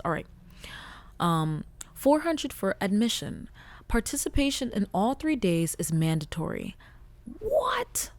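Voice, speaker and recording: Woman podcast host, close on the mic, cussing a lot, goes from hushed reading to yelling. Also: fairly low pitch, no echo. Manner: blunt and profane, swinging between hushed reading and loud outbursts. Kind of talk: casual storytelling chat.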